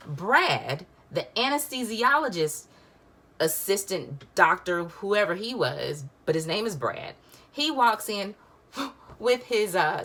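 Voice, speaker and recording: Woman in her 30s, low voice but bright n tense, rambly emotional storytelling. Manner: chatty, emotional storytelling with many fillers. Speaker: vlogger. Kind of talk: personal story vlog.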